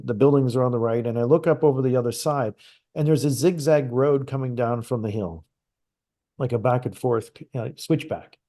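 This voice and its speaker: A middle-aged man from Canada, a guest on a conversational show, telling a personal story in a lively, animated way with frequent restarts. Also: mid-range voice. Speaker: guest psychic medium.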